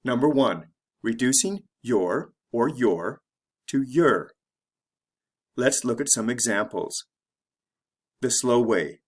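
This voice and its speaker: A man narrating a scripted English lesson, reading example sentences slowly and deliberately for learners to repeat. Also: mid-range voice, expressive, slightly rough. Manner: measured, deliberate, careful pronunciation drills. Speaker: English teacher.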